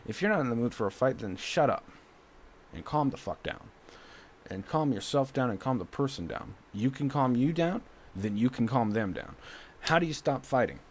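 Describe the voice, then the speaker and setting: Agitated ranting man, lively pitch. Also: normal speed, long pauses, a little hiss or hum. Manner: agitated, swinging between loud outbursts and low muttering, swears a lot. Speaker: streamer. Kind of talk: ranting monologue to the camera.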